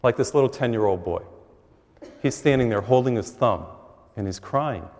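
A middle-aged priest preaches to a congregation, telling stories with lively rises and drops. His voice sits at an ordinary male pitch. A long hall reverb trails behind every phrase. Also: normal speed. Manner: animated storytelling with acted quotes. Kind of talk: sermon. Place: large church.

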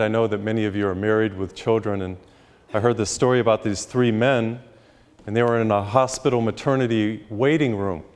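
A man preaching a sermon as a priest, telling humorous stories and acting out characters with pitch jumps. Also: darkish tone. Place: church retreat, live. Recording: long reverb of a live hall.

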